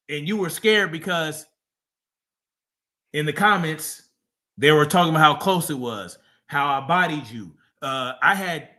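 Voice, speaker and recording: Bright-voiced man mocking on a livestream. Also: high-pitched. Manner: profane, mocking, excitable. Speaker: livestream host. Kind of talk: casual live reaction commentary.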